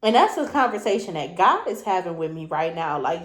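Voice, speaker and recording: A woman's voice: lowish voice, sing-song, brisk, few pauses. A woman giving a spiritual reading, talking in a reflective, conversational way and circling back with rhetorical questions. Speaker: spiritual reader. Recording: echoey room.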